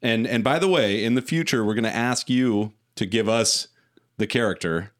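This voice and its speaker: A man's voice: lowish voice, normal speed. A man co-hosting a casual podcast, bantering and laughing often. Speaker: podcast co-host.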